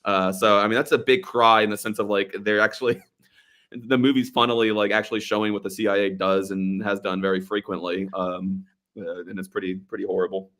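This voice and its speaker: A man's voice: lowish voice, level tone, fairly quick, fairly bright tone. A man co-hosting a casual movie podcast, talking loosely and a little profanely and quoting lines from the film in offhand voices. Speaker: podcast co-host. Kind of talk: casual movie review chat.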